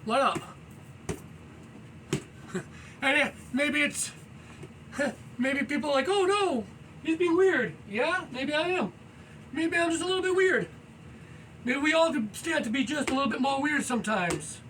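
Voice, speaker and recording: A man with a very high, bright voice talks loudly and energetically, rambling through casual motivational thoughts while he stretches and moves around at home. He leans on "you know" constantly. He sits well away from the mic, with faint noise behind him. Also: lively intonation, normal speed, recorded from a distance, low-quality recording. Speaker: fitness vlogger. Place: indoors at home, low ceiling.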